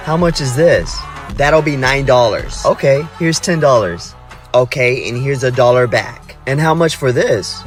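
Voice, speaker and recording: A man acting out a short comedy skit in a playful, deadpan way. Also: medium pitch. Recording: with faint music behind.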